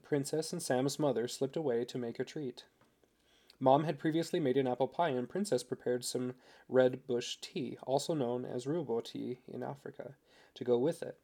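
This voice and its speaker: Man reading a story aloud, gravelly low-key voice, calm and even. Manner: steady, unhurried reading. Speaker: narrator. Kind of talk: audiobook narration.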